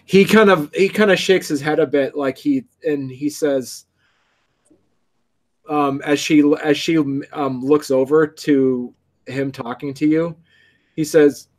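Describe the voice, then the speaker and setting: A man narrating a tabletop game as game master, halting and full of restarts. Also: on the high side.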